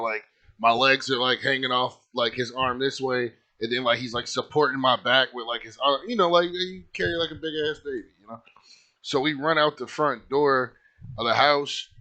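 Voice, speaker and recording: Bright-voiced man telling a rambling story. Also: medium pitch. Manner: rambling, lots of filler likes, swears freely. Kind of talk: casual personal storytelling.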